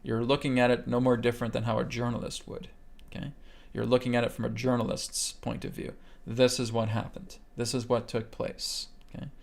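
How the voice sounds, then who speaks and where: A man with a gravelly voice leads a live online lesson, steadily talking listeners through breath work. He speaks in an even, flat tone and keeps checking in with "okay?" as he guides them step by step. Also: mid-range voice, fairly quick. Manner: calm guiding delivery, keeps checking in with "okay?". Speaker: meditation instructor. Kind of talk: live webcast teaching a healing technique.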